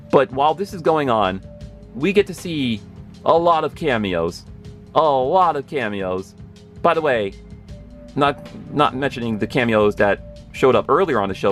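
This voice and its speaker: A man in his thirties gushing through a casual episode recap, rambling and correcting himself as he gets excited. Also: mid-range voice. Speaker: pop culture video host.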